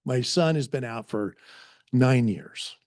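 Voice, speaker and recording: A man's voice: medium pitch, animated, slow pace, darkish tone, no echo. Earnest middle-aged man preaching, dry sound. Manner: earnest, conversational, self-deprecating storytelling. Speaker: pastor. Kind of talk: sermon.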